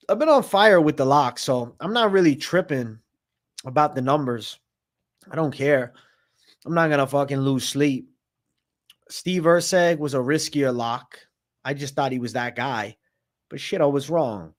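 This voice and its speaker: A man hosting a live stream of fight predictions, talking in a brash, slangy and profane way. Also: a little high. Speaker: host.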